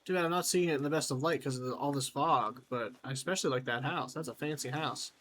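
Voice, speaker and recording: A man's voice: medium pitch, fast talker, fairly bright tone, a little hiss or hum. A man giving let's-play commentary, chatty and wry, talking to himself as he explores. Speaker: gamer.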